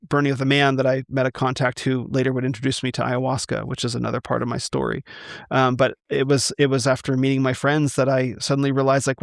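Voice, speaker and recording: A man from the United States, a guest giving his testimony in a halting conversational way, full of restarts and fillers. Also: medium pitch, creaky, dry recording, studio quality. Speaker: interview guest.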